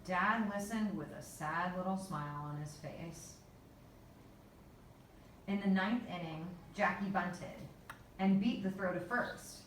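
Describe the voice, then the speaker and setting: A woman reading a children's story aloud in a measured, unhurried way. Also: fairly low pitch, slight background noise. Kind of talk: storybook narration. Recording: echoey room, voice from far off.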